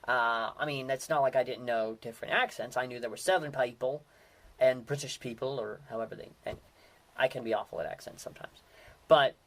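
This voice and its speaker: A man's voice: medium pitch, fairly quick, gravelly. A man, hosting a casual solo talk and rambling with many fillers and restarts. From Western Pennsylvania. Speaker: podcast host.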